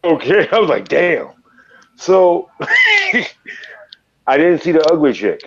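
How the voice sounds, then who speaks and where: A man from Chicago telling a wild story in an interview, profane and animated, leaping into loud quoted voices. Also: a little high, unhurried, creaky, breathy edge, highs cut off. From Chicago, USA. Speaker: guest, fighter.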